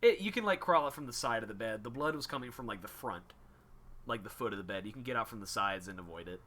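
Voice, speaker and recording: A man's voice: lowish voice, lively intonation, fast, bright, forceful tone. A man running a tabletop game as game master, casual and full of ums. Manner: casual, lots of ums and uhs.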